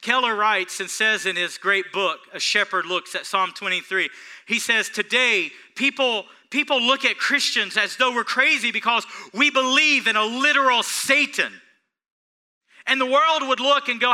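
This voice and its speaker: A man preaching a sermon as pastor, swinging between hushed storytelling and loud, emphatic lines. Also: high-pitched, animated, moderate pace.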